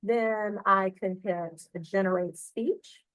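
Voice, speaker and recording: A middle-aged woman librarian walks through software on a shared screen, chatty and full of fillers and check-ins. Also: mid-range voice, slow, no echo, muffled recording. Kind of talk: screen-share tutorial walkthrough.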